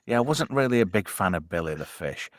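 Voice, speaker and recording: A man's voice: deep voice, very animated, quick pace, no room sound, studio quality. A man hosting a casual live-stream chat, crude and full of swearing and laughter. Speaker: host.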